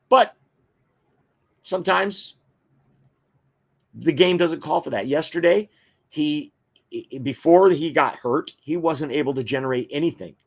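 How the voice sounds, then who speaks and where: A man's voice: fairly high pitch, creaky. Opinionated male football show host. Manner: opinionated fan reading viewer comments; frequent filler words. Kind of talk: casual sports talk.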